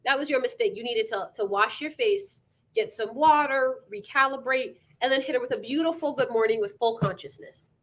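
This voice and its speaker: A young woman in her twenties with a high voice, guesting on a podcast. She talks in a relaxed, playful way, teasing her host and laughing along. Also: fairly quick. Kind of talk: casual chat.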